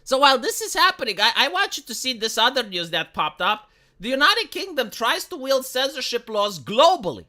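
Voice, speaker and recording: Animated sarcastic woman with a Romanian accent. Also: high voice, brisk. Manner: sarcastic, profane, mocking quoted voices. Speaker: live streamer. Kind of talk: ranting commentary stream.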